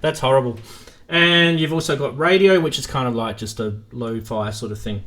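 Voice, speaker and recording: A man's voice: medium pitch, normal speed, few pauses, a bit bright. A man hosting a live stream, chatting casually with viewers and guests and laughing easily.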